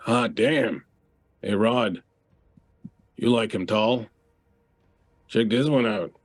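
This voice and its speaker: A man's voice: on the low side, takes it slowly, no echo. A man voicing crude drunken tavern louts who whine and cringe once they get hurt. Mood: leering.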